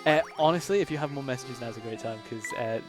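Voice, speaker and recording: A man's voice: medium pitch, quick pace, over music. A man from the United Kingdom giving casual live commentary on his own speedrun, explaining the game as he plays and using a lot of fillers.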